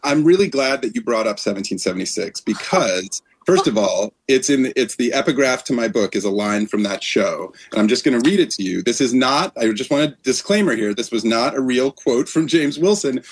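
A man being interviewed as an author, telling stories in an animated way with frequent restarts. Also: medium pitch, fairly quick, hardly any pauses, breathy edge. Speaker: author guest. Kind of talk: conversational interview.

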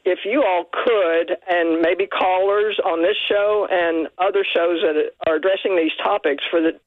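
A man calling in to a radio show, his fairly high voice squeezed through a thin, tinny phone line with a dry, close sound. He talks earnestly, stringing his thoughts into long run-on sentences. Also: steady tone, a little slow, no echo. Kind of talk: call-in comment.

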